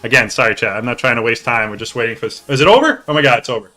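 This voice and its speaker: A man hosting a live stream, chatting casually and excitably with his viewers, joking and swearing as he goes. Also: medium pitch, very fast. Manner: excitable, jokey, talks to chat, swears. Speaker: streamer hosting a hockey league draft.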